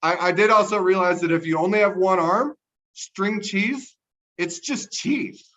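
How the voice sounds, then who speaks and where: A young man from Texas doing a stand-up set over a livestream, delivering deadpan one-liners and chuckling at his own jokes. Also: high voice, normal speed, lo-fi sound. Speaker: stand-up comedian. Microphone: livestream mic.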